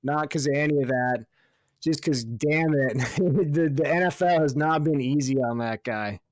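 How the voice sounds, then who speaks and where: A man's voice: a little high, measured pace. A man co-hosting a casual sports podcast, jokey and laughing often, with some swearing. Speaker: podcast co-host.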